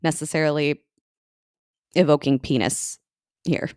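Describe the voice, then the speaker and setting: A woman with a low voice co-hosts a relaxed podcast, rambling through her points with fillers and giggles. Her voice sounds dry and close, with no room around it. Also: a little slow, no room sound. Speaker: podcast co-host. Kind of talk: casual chat.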